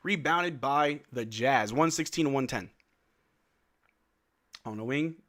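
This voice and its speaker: A young man hosting a live stream watch-along, giving excited fan play-by-play commentary and trash-talking players. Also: medium pitch, slow. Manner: excitable, shouts and laughs at big plays, trash-talks players.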